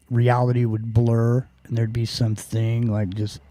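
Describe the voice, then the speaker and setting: A man's voice: medium pitch, flat delivery, slow, dark tone, dry recording. A man hosting a podcast in casual chat, rambling and joking with plenty of swearing. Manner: rambling, profane, jokey. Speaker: podcast host.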